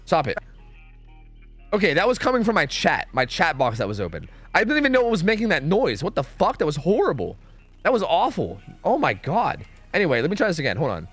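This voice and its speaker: A man's voice: a little high, huge pitch swings, a little fast, a bit bright, faint music behind. A young man streaming a game, rambling to his chat, swearing and second-guessing himself. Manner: rambling, self-questioning, swears freely. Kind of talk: casual gaming stream chat.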